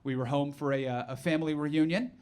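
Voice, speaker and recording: A man from New Jersey doing a stand-up comedy set, sarcastic and animated, with mock-outraged asides. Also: a little high, brisk. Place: comedy club stage, live audience. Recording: live club recording with audience noise.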